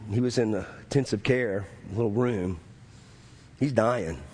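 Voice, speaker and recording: A man's voice: fairly low pitch, a little slow, darkish tone, breathy edge. A man preaching a sermon, telling a story with impassioned, repetitive emphasis that builds and rises. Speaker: pastor.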